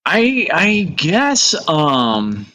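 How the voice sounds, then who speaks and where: Animated man telling stories. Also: fairly high pitch, drawn-out words. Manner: animated storyteller, acts out voices in quotes. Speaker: guest, horror actor. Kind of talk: casual storytelling in an interview.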